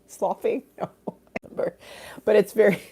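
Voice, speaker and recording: A woman's voice: medium pitch, fairly even intonation, brisk, darkish tone, breathy edge. A woman hosting a casual livestream from her phone, rambling, swearing casually and reading out viewer comments. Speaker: livestream host.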